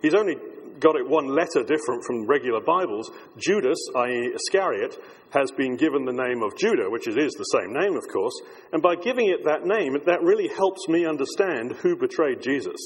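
A man preaches a thoughtful sermon, circling back and restarting his sentences as he works through his ideas. His voice is husky, at a middle pitch. A long reverb trails after each phrase, as in a large hall. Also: expressive, fairly quick. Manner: reflective and discursive, with frequent restarts.

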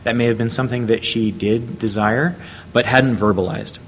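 A man preaching a sermon, telling a Bible story at a measured pace and reading scripture aloud. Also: mid-range voice, steady tone, slight background noise.

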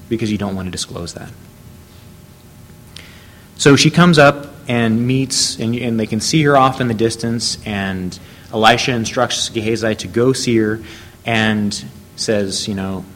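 Male preacher, lowish voice, measured storytelling sermon with scripture readings, faint rumble behind.

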